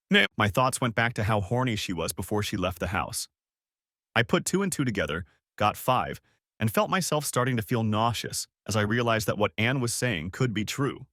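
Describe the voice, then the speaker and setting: Brief: man narrating a story, lively pitch, dramatic delivery, dry studio sound. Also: fairly quick, no room sound. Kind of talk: audiobook narration.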